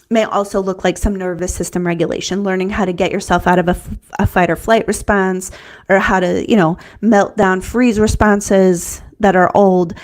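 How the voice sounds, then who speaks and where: Woman coach, earnest and conversational, mid pitch, teaching to camera. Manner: earnest, conversational, repeats and restarts, says "right?". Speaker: business coach.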